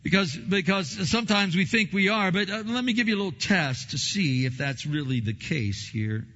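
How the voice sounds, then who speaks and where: A man preaches a sermon in a church sanctuary, his fairly high, bright and forceful voice ringing with a long hall reverb. The sound is dull and lo-fi, and he presses his points hard, repeating words and dropping low on key phrases. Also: lively intonation, normal speed. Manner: emphatic preaching, repeats words, swings loud and soft. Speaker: pastor.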